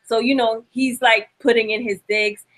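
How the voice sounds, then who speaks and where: A woman's voice: a little high, fairly even intonation, normal speed, fairly bright tone, rough recording. Chatty young woman recapping a show. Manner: chatty, laughs often, acts out lines from the show. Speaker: podcast host. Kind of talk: casual TV recap chat.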